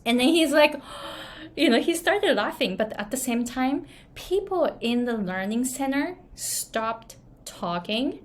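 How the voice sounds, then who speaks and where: A woman's voice: high-pitched, expressive, unhurried, hardly any pauses. A woman with a Japanese accent, coaching in a casual storytelling way, chatty with frequent fillers and tag questions. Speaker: online business and pronunciation coach. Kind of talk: casual storytelling advice to camera.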